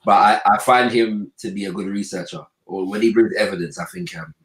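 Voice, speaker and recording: A man's voice: lowish voice, steady tone, a little fast, poor audio. A man in casual podcast chat, often stumbling and repeating words as he talks. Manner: hesitant, repeats words, slang-heavy. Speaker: podcast host.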